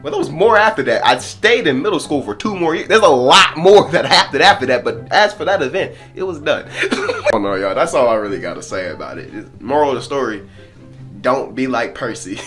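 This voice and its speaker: A man's voice: medium pitch, expressive, a little fast, fairly bright tone, faint music behind. A young man telling a comedic storytime, laughing often and dropping into dramatic narrator asides. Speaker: storytelling vlogger.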